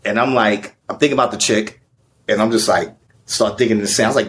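A man's voice: lowish voice, quick pace, a little hiss or hum. A man telling a long personal story in casual, profane podcast chat. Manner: profane, animated storyteller, repeats "you know what I'm saying". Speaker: podcast guest.

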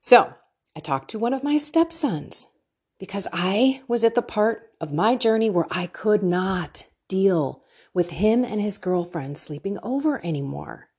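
Lively, candid woman sharing faith. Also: medium pitch, unhurried, husky. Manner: candid and emotional, lively, self-deprecating. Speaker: faith and life coach. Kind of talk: casual faith talk to an online group.

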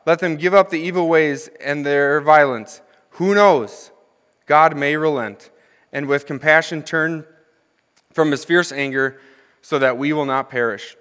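A man's voice: fairly high pitch, measured pace, fairly bright tone, clear, resonant tone. Male preacher in a reverberant hall. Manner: conversational, asks the congregation questions; reads scripture then comments with humor. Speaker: associate minister. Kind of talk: sermon.

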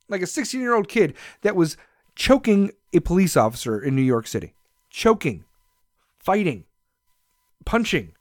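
Furious high-voiced ranting man. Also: big pitch swings, moderate pace, pauses often, no room sound, clean studio sound. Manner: aggressive, shouting, swears constantly. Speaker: vlogger. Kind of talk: angry profane rant to camera.

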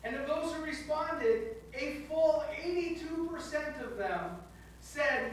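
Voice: high voice, animated, takes it slowly, slight background noise. A pastor giving a sermon in a conversational storytelling manner with touches of humor. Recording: echoey hall from far off, faint background.

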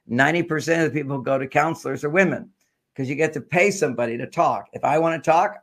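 A man's voice: on the high side, quick pace. An older man, a guest author, explaining relationship ideas with generalizations and stories in a talk show interview.

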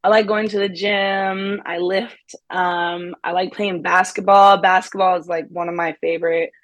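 Young woman, guest actress, chatty and upbeat, quick laughs, dry close recording. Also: on the low side, little pitch movement, no room sound. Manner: upbeat, laughs often, many fillers like "like". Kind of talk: casual interview chat.

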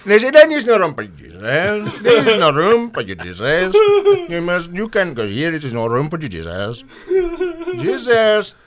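A man mimicking a halting Indian-accented priest. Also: on the high side, wildly swooping pitch, voice pushed up. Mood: earnest preaching. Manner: slow, halting, sing-song sermon delivery. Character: older male parish priest with an Indian accent, earnest.

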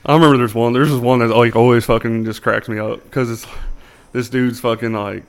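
A man's voice: medium pitch, fairly even intonation, brisk. A man from the northern US chatting casually on a podcast, rambling with many fillers and swearing. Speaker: podcast co-host. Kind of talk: casual chat.

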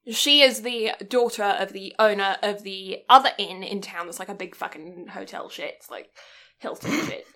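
A woman's voice: mid-range voice, normal speed, fairly bright tone. A woman co-hosting a podcast, recapping a film in casual chat. She is giggly, rambles and swears freely. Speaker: podcast co-host.

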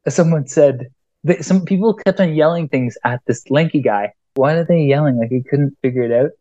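A young man from Canada recounts a race story with animated energy and the odd laugh. His voice sits a little high. The audio is dull and lo-fi, as though from a remote line. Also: normal speed, no room sound. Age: 20s. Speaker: guest ultrarunner. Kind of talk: casual storytelling.

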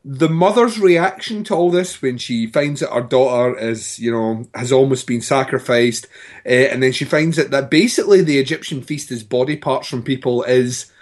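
A man's voice: mid-range voice, normal speed, darkish tone. A man co-hosting a podcast, chatting casually about a film in a wry, incredulous way. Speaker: podcast co-host. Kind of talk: casual movie review chat.

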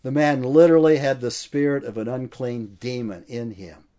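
A man's voice: medium pitch, moderate pace, warm tone. A man preaching an expository sermon with emphasis, stacking repeated phrases as he builds each point.

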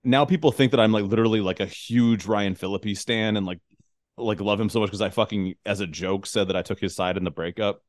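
A man hosting a casual podcast conversation, loose and profane, laughing easily between his points. His voice sits a little low. The sound is dry and close, with no room around it. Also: a little fast, dry recording. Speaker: podcast host. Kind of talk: casual chat.

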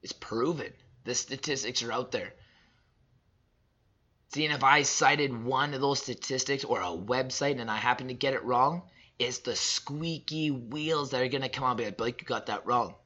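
A man in his thirties delivering a personal motivational monologue, emphatic and repetitive, swinging between loud and soft. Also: mid-range voice, normal speed, highs cut off. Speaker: father sharing reflections.

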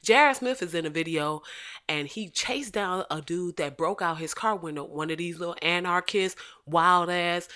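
Woman w/ aave going off, cussing, loud then quiet, real bright sharp voice. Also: moderate pace. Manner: profane, animated, swings from loud shouting to low asides. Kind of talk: casual comedic rant.

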